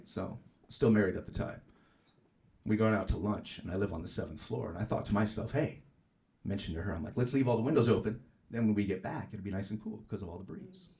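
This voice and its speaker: Brash male stand-up comic, lively pitch. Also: brisk, gravelly. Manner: brash, profane, loud punchlines with mocking voices. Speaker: stand-up comedian. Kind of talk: stand-up comedy set. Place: comedy club stage with live audience. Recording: live club recording with audience noise.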